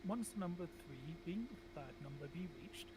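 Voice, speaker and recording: A man's voice: on the high side, animated, moderate pace, noisy background, lightly acted. A man reciting a comedy sketch as a pompous cleric, in solemn archaic declaiming. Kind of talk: reciting a comedy film sketch in mock-biblical tone.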